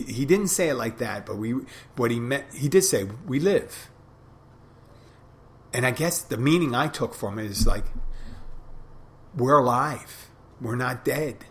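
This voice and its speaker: A middle-aged man hosting a podcast, talking through a reflective, rambling monologue with frequent restarts. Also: medium pitch. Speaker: podcast host. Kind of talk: casual monologue.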